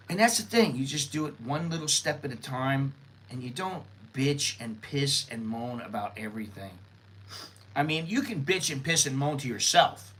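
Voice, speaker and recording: A man's voice: a little high, expressive, moderate pace, a bit bright, poor audio. Blunt, rambling American man on a livestream. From United States. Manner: rambling, blunt, swears casually. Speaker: live-stream host. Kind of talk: casual news-and-views livestream.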